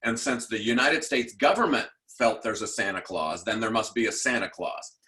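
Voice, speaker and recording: A man in his sixties giving a motivational talk as an education speaker, telling lively stories and putting direct questions to his audience. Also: on the low side, normal speed. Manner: animated storyteller who acts out quoted voices.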